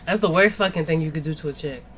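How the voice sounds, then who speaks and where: A young woman with a low voice, telling a personal story in a loose, profane, animated way. She leans on "like" and "yo" constantly, and a faint hiss of noise sits under the recording. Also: fast talker. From Spanish-speaking background. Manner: animated, profane venting with lots of "like" and "yo". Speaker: podcast co-host. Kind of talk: casual storytelling chat.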